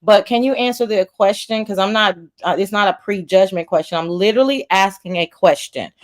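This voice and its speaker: A woman's voice: medium pitch, a little fast. A woman hosting a livestream, talking casually and bluntly, pressing her questions and swearing freely. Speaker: livestream host.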